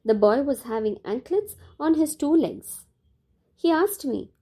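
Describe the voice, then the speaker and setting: A woman reads a devotional audiobook aloud in a measured, steady way. Her voice is mellow and soft-edged, and it sits a little above the usual range for a woman. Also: high-pitched. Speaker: audiobook narrator. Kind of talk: scripted devotional narration.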